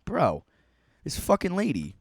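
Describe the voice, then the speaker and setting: A man's voice: a little high, wildly swooping pitch, a little slow, no room sound, clean studio sound. Man swearing through a mocking reaction. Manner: profane, laughing, mocking running commentary. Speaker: streamer reacting to a video. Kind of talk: casual reaction commentary.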